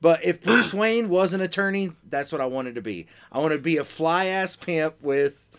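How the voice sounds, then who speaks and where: A man's voice: fairly high pitch, expressive, moderate pace, fairly bright tone, clean tone. A man co-hosting a podcast in casual chat, laid-back and teasing. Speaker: podcast co-host.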